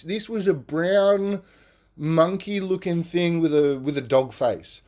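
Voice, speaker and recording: A man with a high voice talks a little slowly on a podcast, relating a story in a casual, animated style, cursing freely and adding "man" and "right?" to his lines.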